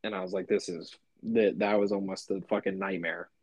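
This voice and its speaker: A man's voice: sits low, little pitch movement, a little fast, darkish tone, husky, dry recording. A young man co-hosting a podcast, telling a story in a loose, rambling way with lots of "like" and swearing. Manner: rambling, swears a lot, many fillers. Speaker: podcast co-host. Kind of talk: casual chat.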